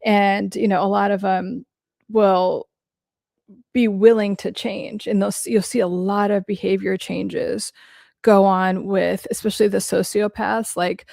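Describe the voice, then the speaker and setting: A frank woman host talks through listener questions in a loose, conversational podcast style. Her voice has a steady gravelly creak, and she curses without a second thought. The sound is close and dry, with no room echo. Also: mid-range voice, unhurried. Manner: blunt and frank, swears casually, heavy use of "like". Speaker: mental health podcast host who works with clients. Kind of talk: casual podcast talk answering listener questions.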